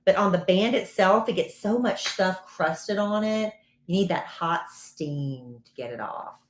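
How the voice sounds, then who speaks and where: A woman's voice: on the low side, expressive, measured pace, echoey room. A woman co-hosting a live stream, chatting casually and teasing her co-host in a dry way.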